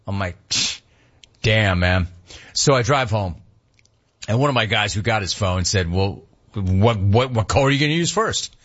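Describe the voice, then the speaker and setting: Husky man telling an exasperated story. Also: lowish voice, a little slow, muffled recording. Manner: animated, exasperated retelling with quoted voices. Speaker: radio show host. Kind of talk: casual storytelling on air.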